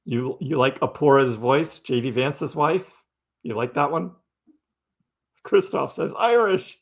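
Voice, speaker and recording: Running a casual crypto livestream, a man answers viewers' messages as he reads through them. His mid-range voice moves a little slowly.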